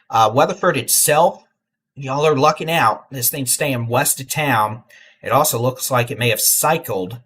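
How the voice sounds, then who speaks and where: A middle-aged man with a drawl talks through live storm radar, easygoing and folksy. His voice sits at an ordinary pitch, and he turns urgent when he tells people to take shelter. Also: unhurried, slightly rough. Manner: relaxed, folksy, urgent warnings. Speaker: weather livestream host. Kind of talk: live severe weather commentary.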